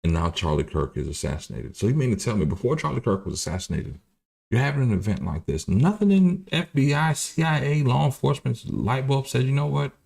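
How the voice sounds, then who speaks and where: A man's voice: medium pitch, big pitch swings, brisk, vocal fry, a little mellow. A man in his thirties hosting a livestream, talking bluntly and profanely in rambling commentary. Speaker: livestream host.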